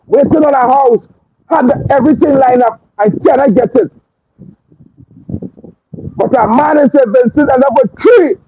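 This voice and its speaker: A man with a Trinidadian accent hosting a talk show, delivering a fiery, scornful political rant full of repetition. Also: very high voice. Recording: dull lo-fi stream audio with faint hiss.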